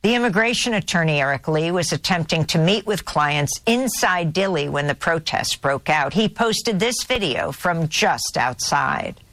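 Woman news host, low and dry. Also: animated, moderate pace, hardly any pauses, fairly bright tone, no room sound. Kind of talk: news presenting and interviewing.

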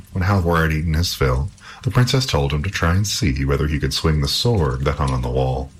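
A man reading an old folk tale aloud in an expressive storytelling manner. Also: a bass voice, a little fast, slight background noise, low-quality recording.

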